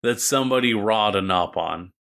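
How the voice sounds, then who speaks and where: A man's voice: fairly low pitch, normal speed, a bit bright. A man co-hosting a casual gaming podcast, bantering with crude jokes. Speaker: podcast co-host. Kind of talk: casual gaming news chat.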